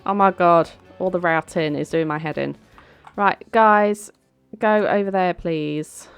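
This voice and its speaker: Woman, young, low voice; chatty, bossy game commentary over soft music. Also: measured pace, clear, resonant tone, dull audio. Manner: chatty, bossy with her characters, giggly. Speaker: let's play host. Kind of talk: casual gameplay commentary. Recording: faint background music.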